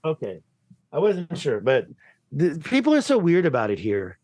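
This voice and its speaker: A man from the United States talking in a rambling, excitable way as a podcast guest over a video call, swearing casually. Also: a little high, normal speed, no room sound.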